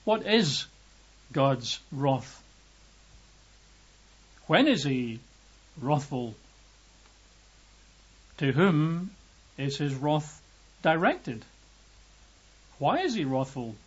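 Man from britain, sermon, emphatic, slightly husky voice, fairly high pitch, dull lo-fi sound. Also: very slow, pauses often. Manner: lively emphatic, acts out quotes with raised pitch. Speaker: preacher. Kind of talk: sermon teaching. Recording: dull lo-fi recording.

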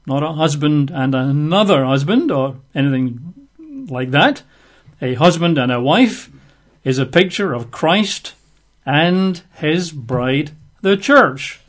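A man preaching a verse-by-verse Bible teaching, unhurried, stretching key phrases and slipping in casual asides with fillers. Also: on the high side, expressive.

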